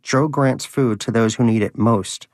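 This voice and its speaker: A man's voice: mid-range voice, unhurried, a little mellow, no echo, clean studio sound, natural voice. A man voicing a pious, hungry, self-righteous male pet hamster in a storybook reading, with a preachy, indignant manner. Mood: bitter.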